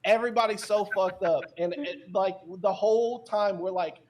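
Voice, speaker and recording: Animated young man telling stories. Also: high voice, normal speed, a little hiss or hum. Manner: animated storytelling, frequent fillers and restarts. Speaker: guest, content creator. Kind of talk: casual podcast interview.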